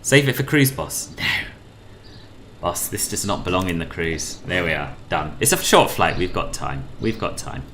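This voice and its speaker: A man's voice: low voice, sing-song, normal speed, a bit bright, slight background noise. Playful british man streaming flight sim. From United Kingdom. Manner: chatty and playful, laughs often, calls people boss. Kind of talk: live-streamed flight sim chat with radio calls.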